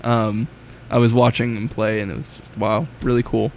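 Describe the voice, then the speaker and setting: A man's voice: lowish voice, little pitch movement, normal speed, creaky, darkish tone, a little hiss or hum. Enthusiastic young male radio co-host. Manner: enthusiastic, laughs easily, gushing praise. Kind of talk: casual chat on air.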